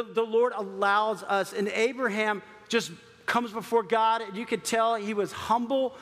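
A man's voice: sits high, a bit bright, big-room sound. A man preaching a sermon in a conversational way, with frequent asides and laughs. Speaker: pastor.

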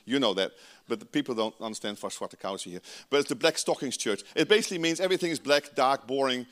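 A man's voice: mid-range voice, quick pace, a bit bright. A man from the Netherlands with a Dutch accent, preaching a sermon with emphatic, conversational asides. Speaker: pastor.

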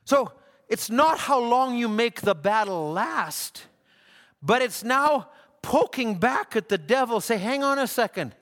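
A man preaching a sermon at a church service, emphatic and repetitive, building to shouts. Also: very high voice, lively intonation, unhurried. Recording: church hall with long reverb.

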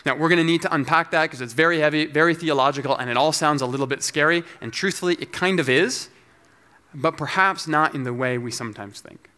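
A man delivers a teaching sermon, walking through scripture in a measured, explanatory way. His voice sits a little high for a man, and he sounds scholarly and careful. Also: pushed and bright. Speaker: pastor.

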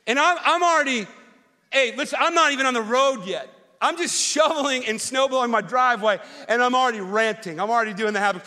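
A man preaching as pastor, telling an animated personal story that swings from loud rants to quiet, earnest reflection. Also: very high-pitched, brisk. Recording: long hall reverb.

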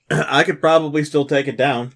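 A man's voice: a little high, measured pace, fairly bright tone. A young man playing a tabletop game, joking and playful with the game master. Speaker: player.

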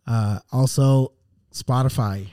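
A man's voice: medium pitch, takes it slowly, warm tone. A man co-hosting a podcast, easygoing and joking in casual chat. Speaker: podcast co-host.

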